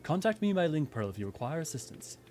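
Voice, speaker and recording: A man's voice: fairly high pitch, sing-song, fast talker, darkish tone, a little hiss or hum. A man voicing an earnest young male noble scholar in a fan reading of game dialogue, speaking stiffly and politely.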